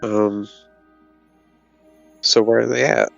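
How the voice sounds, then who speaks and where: Low, gravelly male player, blunt and aggressive, dull lo-fi audio. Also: flat delivery, slow, no room sound, soft background music. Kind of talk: playing a tabletop game.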